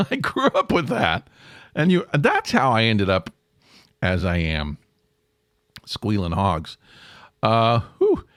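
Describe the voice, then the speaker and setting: A middle-aged man hosting a casual solo podcast, rambling and self-deprecating, jumping up in pitch for emphasis. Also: huge pitch swings, slow, pauses often, a bit bright, no echo, studio quality. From American South. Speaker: podcast host.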